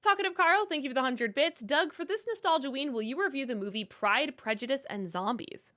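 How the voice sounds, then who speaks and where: A woman's voice: sits high, animated, a little fast, a bit bright. A woman co-hosting a live stream, reading viewer donations and questions aloud.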